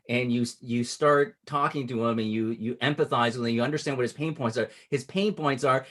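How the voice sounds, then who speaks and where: A man coaching a client on closing sales, explaining patiently and acting out sample pitches at different speeds. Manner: instructive, shifts cadence to demonstrate pitches. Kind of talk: casual coaching call.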